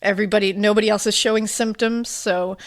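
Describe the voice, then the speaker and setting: A woman's voice: medium pitch, fairly even intonation, quick pace. A woman co-hosting a podcast, telling a personal story in casual chat, rambling and emotional with lots of fillers. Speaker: podcast co-host.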